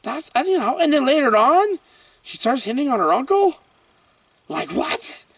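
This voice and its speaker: A man hosting a casual horror movie review vlog, talking in an excitable, rambling way full of exclamations and fillers. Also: very high voice, a little fast, dry recording, recorded from a distance.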